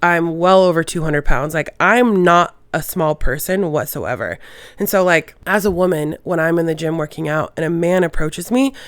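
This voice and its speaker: A woman's voice: low voice, normal speed, dry recording. Young woman telling stories, dry close sound. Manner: swears freely, animated retelling with quoted voices. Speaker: podcast host. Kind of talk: casual storytelling monologue.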